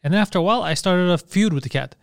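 Fast-talking man with a dry close sound. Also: high-pitched, expressive, creaky, dry recording. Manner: profane storytelling with shouted impressions. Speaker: podcast host. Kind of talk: casual podcast chat.

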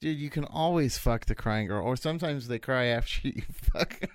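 A man hosting a podcast, chatting casually and cutting in with quick wisecracks. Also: mid-range voice, no room sound, studio quality. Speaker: podcast host.

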